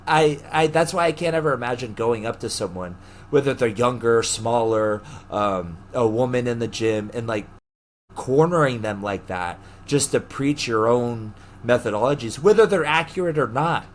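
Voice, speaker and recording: A young man co-hosting a podcast, telling stories in casual chat, animated, laughing often and acting out the people he quotes. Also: mid-range voice, normal speed, a little hiss or hum. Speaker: podcast co-host.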